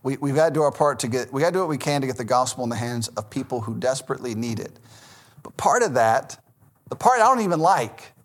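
A pastor in his thirties with a Southern American accent preaches a conversational sermon in a mid-range voice. He's animated and talks fast, correcting himself and laughing at his own stories.

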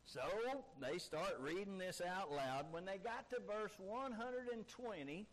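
A pastor preaches an emphatic sermon, hammering his points with repeated rhetorical questions. He has a high voice and a measured pace, and the recording is rough.

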